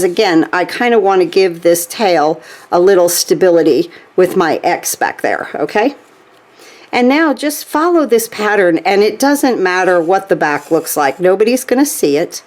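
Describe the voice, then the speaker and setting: A woman's voice: fairly low pitch, lively intonation, moderate pace, a little mellow. A woman demonstrating a stitching craft step by step, chatty, checking in with "okay?" as she works. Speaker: craft tutorial host.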